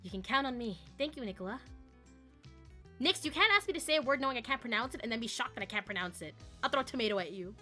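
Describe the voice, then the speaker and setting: A woman's voice: a little high, animated, quick pace, pushed and bright, faint music behind. A woman game streamer who jokes, laughs often and reads the story text aloud.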